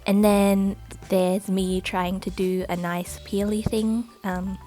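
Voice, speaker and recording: A woman's voice: medium pitch, level tone, takes it slowly, dark tone, soft background music. A woman vlogger giving a chatty, rambling voice-over for an unboxing video, full of "like" and "uh", on a not very good home microphone.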